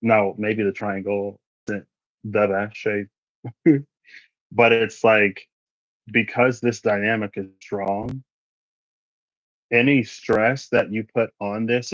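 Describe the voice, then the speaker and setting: A man's voice: lowish voice, flat delivery, slow, dry recording. A man giving a casual tarot reading, thinking aloud and wandering into asides. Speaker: tarot reader. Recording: dry, slightly muffled recording.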